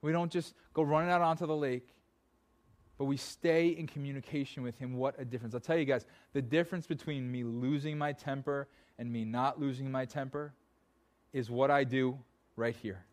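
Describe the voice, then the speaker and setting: A man with a voice of ordinary pitch preaches in a church. His delivery is casual and conversational. It moves between quiet, pleading passages and livelier, louder urging. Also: fairly even intonation, normal speed. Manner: conversational preaching, dropping to soft pleading then rising. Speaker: pastor. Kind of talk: sermon.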